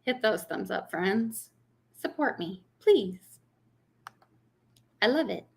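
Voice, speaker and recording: A woman's voice: mid-range voice, animated, slow pace, vocal fry, darkish tone. A young woman casually chatting on a livestream, laughing often and answering viewers' comments. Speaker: vlogger hosting a livestream.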